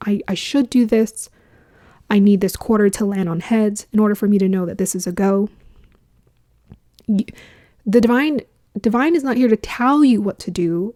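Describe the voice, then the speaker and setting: A woman astrologer talks through the coming year in a loose, musing way. Her voice is warm and mellow, and she laughs often. Now and then she drops into a whisper to stress a point. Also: medium pitch. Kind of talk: casual spiritual talk to camera.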